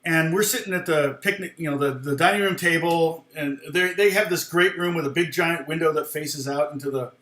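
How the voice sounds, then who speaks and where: A man's voice: on the high side, a little fast, hardly any pauses, a bit bright. A middle-aged man, a guitar teacher on a live stream, telling a story in a rambling way, with frequent chuckles and restarts. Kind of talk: casual storytelling chat. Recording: echoey room.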